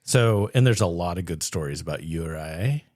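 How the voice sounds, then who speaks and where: A man co-hosting a podcast in casual chat, hesitant and halting, with soft laughs. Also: deep voice, expressive, no echo, clean studio sound. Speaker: podcast co-host.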